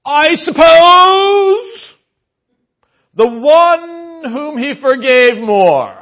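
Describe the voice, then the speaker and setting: A man preaching, voicing an arrogant Pharisee in a haughty mock-British accent, drawn-out and exclaiming, in a sermon recording. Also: extremely high pitch, huge pitch swings, creaky, slightly rough, lo-fi sound, pitched above the performer's own voice, full character voice. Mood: smug. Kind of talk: sermon storytelling.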